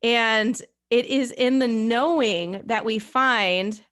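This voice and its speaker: A woman hosting a podcast interview, telling a story in a casual, animated way with many fillers. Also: on the high side, takes it slowly. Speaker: podcast host.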